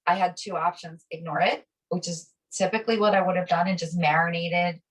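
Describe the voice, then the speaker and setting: A woman's voice: fairly low pitch, fairly quick. Middle-aged woman chatting on a podcast, acts out the people in her stories, mic kinda far off. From Italian American. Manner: animated storyteller, acts out quoted voices. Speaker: podcast co-host. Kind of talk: casual conversation. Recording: voice a bit distant from the mic.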